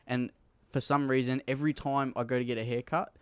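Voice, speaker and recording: A man's voice: mid-range voice, steady tone, brisk, clean tone, no room sound. An Australian man hosting a podcast, telling stories in crude, joking casual chat. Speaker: podcast host.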